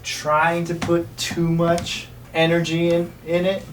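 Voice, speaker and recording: A man giving gentle, encouraging feedback on a vocal take in a studio. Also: fairly high pitch, monotone, takes it slowly, slight background noise. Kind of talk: studio coaching. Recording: roomy, distant mic.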